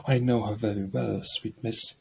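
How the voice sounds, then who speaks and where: A man's voice: on the low side, steady tone, moderate pace, gravelly, darkish tone, slight background noise. A man reading as a sly hungry wolf.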